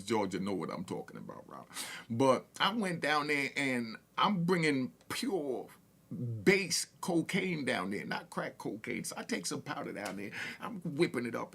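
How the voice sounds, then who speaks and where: A man's voice: medium pitch, vocal fry, a bit bright, slightly rough. A man from Harlem, casually telling street stories with stammered restarts and laughter. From Harlem, New York. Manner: laid-back, repetitive, stammering restarts and laughs. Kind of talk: casual storytelling.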